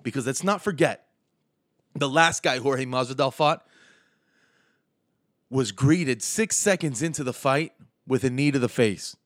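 A man's voice: medium pitch, unhurried, long pauses, fairly bright tone, no room sound, studio quality. A man with a slight lisp hosting a podcast, delivering a sarcastic, mocking comedic rant. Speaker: podcast host and stand-up comedian.

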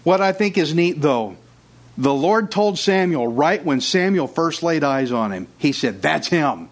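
A man's voice: on the high side, animated, measured pace. A man preaching a sermon as pastor, conversational, with jokes and asides to the congregation. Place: church.

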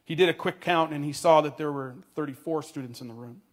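A man telling a story in a sermon, earnest, dropping his voice quietly at tender moments. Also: a little high, a little fast.

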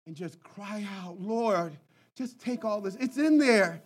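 A male pastor preaching an impassioned sermon, moving between shouted cries and hushed, quiet passages. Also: high-pitched, expressive, moderate pace.

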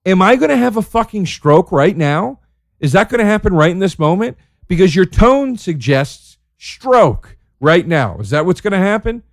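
Male podcast host, slightly high voice, profane comedic ranter. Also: big pitch swings, moderate pace, no echo, studio quality. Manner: ranting, profane, exasperated. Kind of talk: casual comedic monologue.

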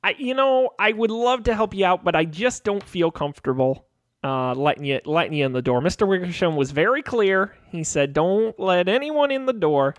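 A man's voice: high voice, animated, normal speed, dry recording, studio quality, voice pushed up. A man doing a stammering nervous young intern. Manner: stammering, apologetic, defensive. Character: nervous young male intern guarding a door.

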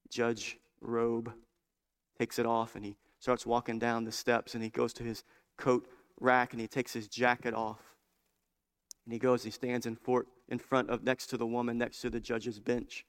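A male preacher delivering a sermon in a mid-pitched voice. He tells stories and builds into fervent, emphatic preaching. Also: clean tone.

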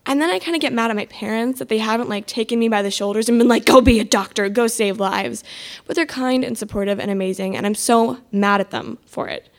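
A teenage girl tells her own story with a slightly high voice. She sounds exasperated and sarcastic, often mocking herself as she goes. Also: fairly quick. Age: mid-teens. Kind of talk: personal storytelling.

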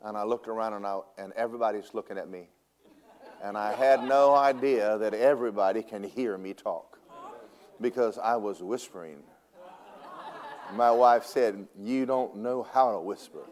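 A man preaching from the pulpit, swinging from booming declarations to hushed, confiding asides. He tells humorous stories and chuckles at his own jokes, his voice rising and dropping as he goes. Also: moderate pace. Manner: animated, shifts from loud preaching to hushed asides. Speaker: pastor. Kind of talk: sermon.

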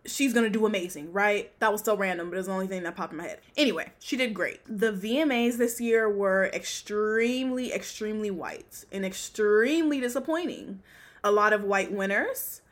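A woman's voice: mid-range voice, brisk. A young woman hosting a podcast, blunt and profane, ranting about pop culture and laughing often. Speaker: podcast host. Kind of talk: casual pop-culture commentary.

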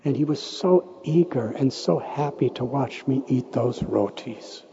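A man from the United States, a monk, telling a personal story in a lecture, gentle and unhurried, rising to emotional raised voices when he quotes others. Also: medium pitch. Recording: dull, lo-fi lecture recording with faint noise.

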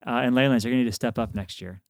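A man's voice: medium pitch, rapid-fire, no room sound. A man co-hosting a podcast who laughs easily, teasing his friends before turning earnest as he explains his faith. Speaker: podcast co-host, priest. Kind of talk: casual chat, explaining faith.

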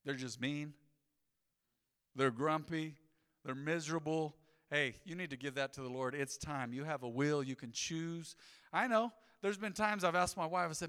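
Pastor, man, high and bright voice, lively conversational sermon, reverb from a big church hall. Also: normal speed. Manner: energetic, conversational preaching with asides. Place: church sanctuary.

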